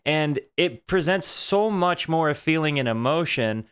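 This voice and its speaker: A man hosting a music reaction video, talking in an earnest, halting way as he thinks aloud. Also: on the high side, lively intonation, fairly bright tone, clean tone. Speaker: host of a music reaction channel. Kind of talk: casual reaction commentary.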